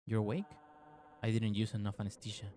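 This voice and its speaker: A man voicing a cold, controlling scientist mother, speaking in a stern, calmly menacing way in a horror game. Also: lowish voice, fast talker, slight background noise, natural voice. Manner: stern, clipped, menacing calm.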